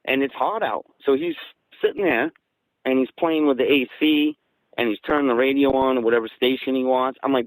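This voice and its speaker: Guest storyteller, man from southeastern Massachusetts, mid-pitched, dry close sound, animated. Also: brisk, no room sound, poor audio. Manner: excited, gets louder and higher when quoting. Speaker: guest recounting an encounter. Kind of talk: casual storytelling.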